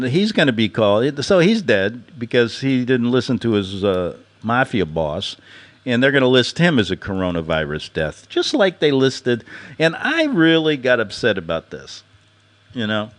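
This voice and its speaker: A man hosting a podcast, delivering a sarcastic satirical monologue and laughing at his own jokes. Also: mid-range voice. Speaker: podcast host.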